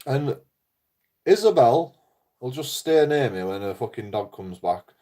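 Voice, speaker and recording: A man's voice: medium pitch, lively intonation, a little slow, mellow. A man talking in a casual, rambling monologue, blunt and full of swearing, often laughing. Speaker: YouTuber.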